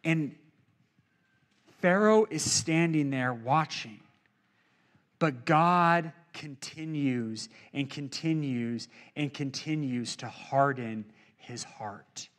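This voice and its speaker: A male pastor preaching a sermon in a church, animated and jokey, acting out quotes as he goes. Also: medium pitch, slow.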